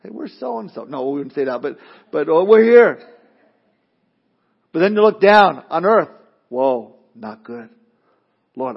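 A man preaching a sermon as a pastor, animated, acting out voices and often repeating words as he starts a thought. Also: sits high. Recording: dull lo-fi sound.

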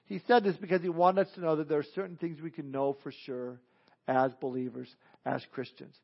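A man's voice: fairly high pitch, steady tone, brisk, gravelly. A male pastor preaching a sermon in a folksy, joking storytelling manner, reading scripture and leading prayer. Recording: dull lo-fi recording.

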